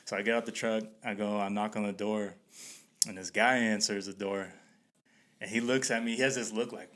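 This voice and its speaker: A podcast host telling a story in a laid-back way, swearing freely and laughing through it. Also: male voice, fairly low pitch, steady tone, normal speed, fairly bright tone. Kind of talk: casual storytelling.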